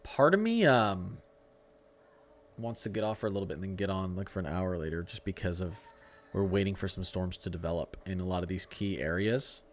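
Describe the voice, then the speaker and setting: A man with a fairly low voice hosts a live severe-weather stream, talking his viewers through the radar and the models. His delivery is loose and conversational. He restarts sentences and fumbles over tricky place names. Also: steady tone, fairly quick. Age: adult with a young son. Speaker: livestream weather host. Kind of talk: casual live-stream weather commentary, answering chat.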